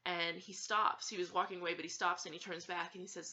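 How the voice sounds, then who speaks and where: Bright-voiced giggly woman telling a story. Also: on the low side, level tone, fast talker, slight background noise. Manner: giggly, hesitant, many fillers. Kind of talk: casual storytime chat.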